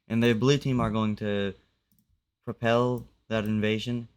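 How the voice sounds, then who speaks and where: Male commentator, low and smooth, relaxed conversational narration of a simulation. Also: unhurried. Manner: loose, conversational, uses "like" a lot. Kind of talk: casual narration of a map simulation.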